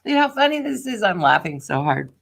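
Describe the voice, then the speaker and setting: A woman streaming a live tarot reading, excitable and laughing a lot, dropping to whispers and then bursting into shouts. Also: medium pitch, a little fast, creaky. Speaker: tarot reader.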